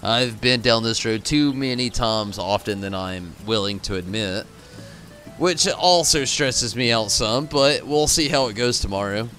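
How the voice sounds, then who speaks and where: A man's voice: mid-range voice, unhurried, a bit bright, soft background music. A tired, frustrated man signing off his stream, rambling and swearing as he thanks his chat. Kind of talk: casual stream sign-off to chat.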